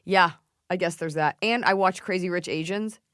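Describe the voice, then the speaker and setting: Woman podcast host, lowish voice, joking around, super dry close mic. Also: moderate pace, fairly bright tone, no echo. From United States. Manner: playful, puts on accents mid-sentence. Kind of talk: casual chat.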